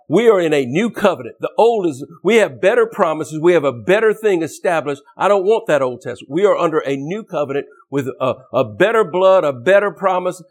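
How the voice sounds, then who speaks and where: Man, preacher, fiery sermon, emphatic, slightly raised pitch, quick restarts. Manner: fervent and emphatic, with rapid restarts and repetitions.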